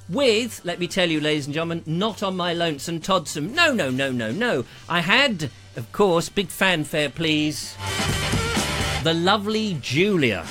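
A middle-aged man hosting a casual live chat, jokey and theatrical, on a lapel mic. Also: high voice. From England. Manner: theatrical, jokey, slips into funny voices. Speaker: host of an explorer channel.

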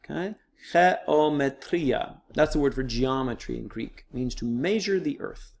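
A man's voice: medium pitch, animated, fairly quick, vocal fry, darkish tone. Casual, patient male teacher. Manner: casual, patient, explains step by step with fillers. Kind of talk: recorded online lesson, screen walkthrough.

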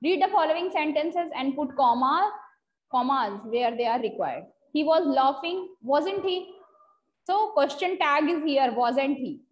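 A high-voiced woman with an Indian English accent teaches grammar over a video call, reading out sentences in a slow, deliberate dictation and slipping into Hindi now and then. The sound is somewhat dull and lo-fi. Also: animated. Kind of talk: online grammar class.

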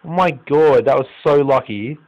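Talking at normal speed, a young Australian gaming YouTuber delivers live commentary on a football management game, alternating between low muttering and loud exclamations with swearing. The recording is muffled.

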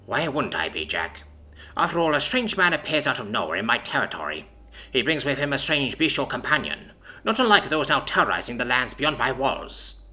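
A man voicing an imperious female dragon ruler who speaks in a measured, silky, threatening way. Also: medium pitch, big pitch swings, pushed and bright. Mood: cool menace. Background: faint background music.

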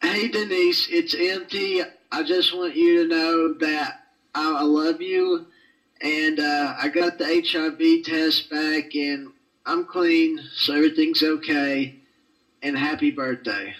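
A man's voice: on the high side, steady tone, slow pace, fairly bright tone, rough recording. A man giving an awkward, joking birthday message. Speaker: vlogger sending a birthday message.

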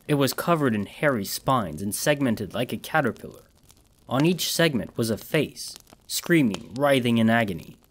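A man reads a horror story aloud in a measured, dramatic manner. His voice sits at a mid pitch, steady and even. He lets tension build through careful pacing. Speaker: audiobook narrator. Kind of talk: scripted horror narration.

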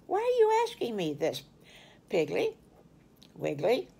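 A woman's voice: on the low side, very animated, normal speed, creaky, breathy edge, full character voice. An older woman voicing a kind mother pig in a children's story, explaining things simply and patiently. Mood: gentle.

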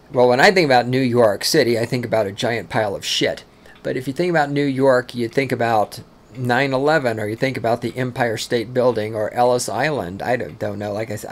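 A man from Texas rants on his own podcast, recorded at home. His voice sits at an ordinary middle pitch. The delivery is angry and heavy with swearing, broken up by sarcastic asides. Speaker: podcast host. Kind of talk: profane solo podcast rant.

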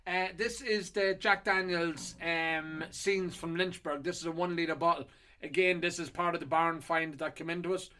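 Guy rambling about auction lots, kinda high voice, lots of ums. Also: fairly even intonation, moderate pace, pushed and bright, a little hiss or hum. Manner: rambling and chatty with many fillers. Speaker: whiskey auction host. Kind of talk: casual chat previewing auction lots.

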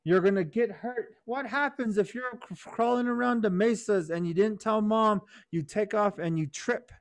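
A wise old horned toad, stern but kind, lecturing like a father in a told folk tale, as a man puts him on. The voice sits fairly high for a man and is dry and close, with no room around it. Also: normal speed, no echo.

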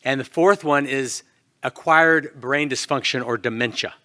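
A man's voice: medium pitch, a little slow, sharp tone. A man from Louisiana with a Southern US accent, giving a conference lecture and quizzing the audience in a folksy way. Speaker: conference speaker, intensivist.

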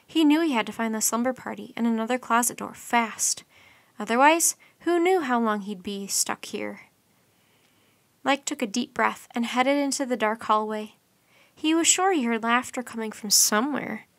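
A woman reading a children's bedtime storybook aloud in a lively, expressive way. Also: fairly high pitch, normal speed, no room sound.

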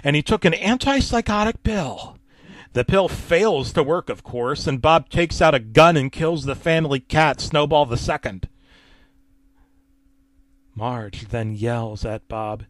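A man reads a horror story in a casual, wry way, sometimes sinking into a whisper. His voice sits slightly high. The sound is dry and close. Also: animated, takes it slowly, no echo. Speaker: narrator.

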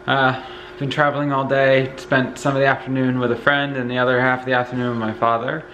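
Speaking briskly at a medium pitch, a Northeastern US man rambles through a casual home vlog, walking from room to room. He's tired and relaxed, uses plenty of fillers, and coughs occasionally from congested lungs. The audio has its highs cut off and a little hiss or hum.

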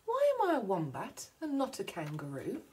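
A woman voicing a lost, thoughtful little male wombat in a read-aloud picture book, with meek, drawn-out replies. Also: fairly high pitch, wildly swooping pitch, a little mellow.

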